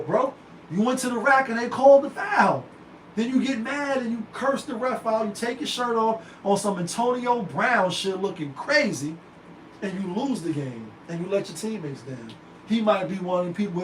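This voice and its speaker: Animated male host, roomy distant sound. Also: high voice. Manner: animated, slangy, emphatic rhetorical questions. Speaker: show host. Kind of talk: unscripted commentary monologue. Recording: roomy, distant mic with faint noise.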